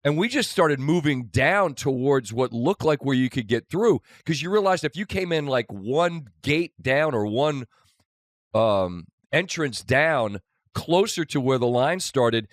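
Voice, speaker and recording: A man hosting a podcast, telling a wry, animated rant about an airport ordeal in casual chat. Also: medium pitch, measured pace, no room sound, studio quality. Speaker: podcast host.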